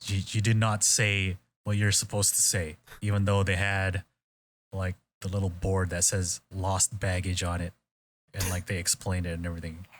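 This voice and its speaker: A man's voice: sits low, level tone, moderate pace. A man hosting a podcast, chatting casually and retelling scenes with quoted voices, plenty of swearing and loose filler. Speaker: podcast host. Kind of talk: casual chat.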